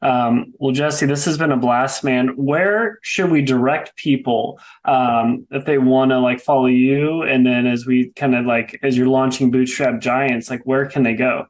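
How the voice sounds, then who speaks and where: A young adult man hosting a podcast in a relaxed, friendly way, with plenty of casual fillers. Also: mid-range voice, measured pace, few pauses. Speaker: podcast host. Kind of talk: casual interview.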